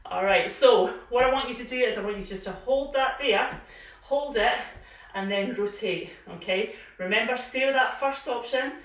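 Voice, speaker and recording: A woman fitness instructor guides a live home workout with a slightly high, encouraging voice. She is chatty and a little out of breath from moving along with the class. Her voice reaches the camera from across a bare room, with a strong echo around it. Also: normal speed. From Scotland. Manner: encouraging, chatty, cues movements with frequent "yeah?". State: slightly out of breath while exercising. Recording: very echoey room, voice from a distance.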